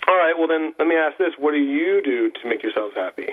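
A man co-hosting a talk radio show, joking and animated. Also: on the high side, quick pace, background noise. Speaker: co-host. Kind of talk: casual chat on talk radio. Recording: phone-line radio sound.

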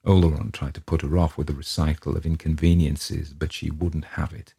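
Measured male narrator for a ghost story audiobook, deep and husky. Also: little pitch movement, warm tone.

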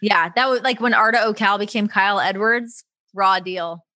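A woman's voice: medium pitch, dry recording. A woman from Toronto, a broadcaster, chatting casually as an interview guest, laughing easily and telling stories with lots of fillers. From Toronto, Canada. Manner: chatty, quick to laugh, lively storytelling with many fillers. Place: her home.

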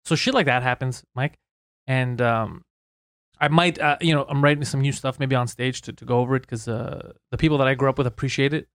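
A man, a comedian, telling stories in casual chat, animated and swearing, acting out what people said. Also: mid-range voice, no room sound, clean studio sound. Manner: fast, animated storytelling with acted-out quotes and swearing. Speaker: comedian and podcast host.

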